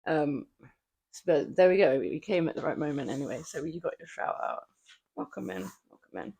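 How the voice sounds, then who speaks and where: A woman's voice: low-pitched, lively intonation, fairly quick, creaky, dark tone, husky. A woman livestreaming from her home gym, chatting casually with viewers between lifts, laughing often and swearing now and then. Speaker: livestreamer working out.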